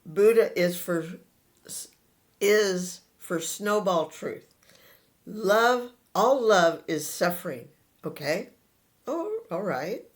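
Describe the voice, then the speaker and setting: Slow, earnest man teaching. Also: sits high, expressive. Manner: earnest, addresses listeners directly and repeats points; unhurried, pausing between short phrases. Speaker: spiritual teacher. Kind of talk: spiritual talk to an audience.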